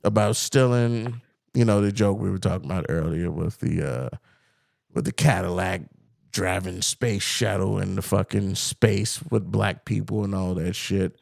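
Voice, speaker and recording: A man's voice: sits low, normal speed, creaky, dry recording, clean studio sound. A man co-hosting a podcast, arguing heatedly and profanely in casual chat, acting out quotes as he goes. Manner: heated, animated, profane, reads quotes in mock voices. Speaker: podcast co-host.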